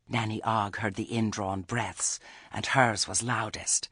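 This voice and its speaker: A man narrating an audiobook in a measured, expressive storytelling manner. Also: lowish voice, husky, dry recording, clean studio sound. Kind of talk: scripted narration.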